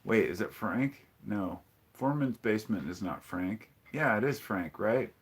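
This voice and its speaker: Low-voiced man hosting a casual live stream. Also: animated, measured pace, husky. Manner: rambling, greets viewers and reads chat aloud; opinionated, frequent ums and restarts. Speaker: live-stream podcast host.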